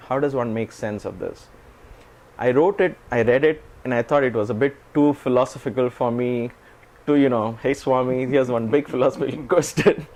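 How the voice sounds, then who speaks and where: A middle-aged man recounting a personal story as an interview guest, animated and laughing often as he acts out quotes. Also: medium pitch, slight background noise, rough recording.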